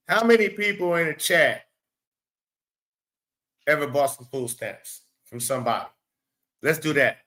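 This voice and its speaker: A man's voice: on the high side, lively intonation, a little slow, long pauses, bright, forceful tone. A man hosting a live stream, rambling, profane and blunt as he talks back to his chat. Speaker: livestream host.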